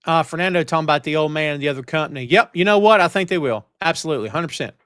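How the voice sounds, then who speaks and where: Animated high-voiced man hosting a stream. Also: rapid-fire, smooth, no room sound, studio quality. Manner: animated, ranting, talks straight to the chat. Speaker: wrestling show host. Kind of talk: casual live-stream chat. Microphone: headphones and studio mic.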